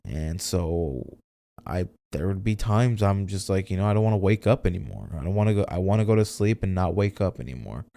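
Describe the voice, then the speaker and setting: A young man hosting a solo podcast, speaking candidly in a halting, emotional way, near tears and swearing often. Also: low-pitched, expressive, vocal fry, dark tone. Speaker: podcast host.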